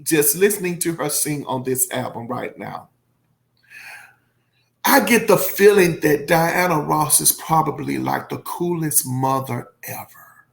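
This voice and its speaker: Gravelly, slow-talking emotional male reviewer. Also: sits high, fairly bright tone. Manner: effusive, emotional, rambling with many fillers. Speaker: music reviewer. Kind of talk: casual album commentary.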